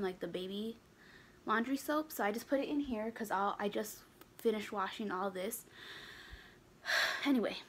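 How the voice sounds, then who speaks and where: Breathless young woman vlogging casually. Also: mid-range voice. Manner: rambling, chatty, sidetracked. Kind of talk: casual chat to camera. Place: her bedroom.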